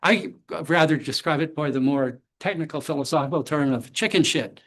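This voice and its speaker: A man delivering an academic talk in a measured, explanatory manner, with a voice pitched a little high for a man. He drops in the odd blunt, dry joke without breaking his lecturing tone. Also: fairly bright tone. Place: lecture hall.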